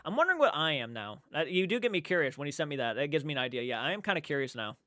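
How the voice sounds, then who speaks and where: A man's voice: on the high side, big pitch swings, very fast, sharp tone, no room sound, clean studio sound. A man livestreaming from home, chatting casually and rambling, repeating himself and reading chat aloud. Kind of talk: casual live-stream chat.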